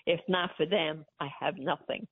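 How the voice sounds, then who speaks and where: A woman's voice: sits low, fairly even intonation, normal speed, husky, no echo. An older woman, calling into a radio show, talking in an effusive, emphatic and doting way. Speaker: guest, host's mother. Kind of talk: casual phone-in chat. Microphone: phone. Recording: tinny phone line.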